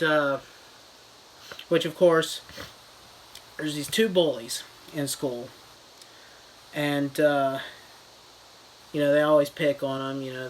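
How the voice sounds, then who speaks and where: A man's voice: fairly high pitch, slight background noise, rough recording. A man retelling a story as a mock review, in a loose, rambling style full of fillers. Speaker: comedy reviewer.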